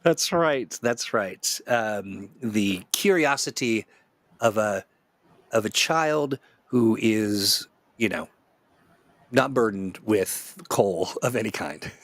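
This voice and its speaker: A man's voice: on the low side, lively intonation, slow pace, no room sound. A man hosting a casual online chat, joking around, rambling through playful tangents and laughing often. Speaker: host.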